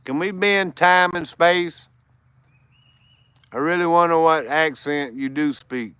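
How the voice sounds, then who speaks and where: A man's voice: fairly high pitch, measured pace, a bit bright, smooth, dry recording. A tired American man hosting a casual livestream, greeting chat viewers by name and laughing often. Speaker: livestream host.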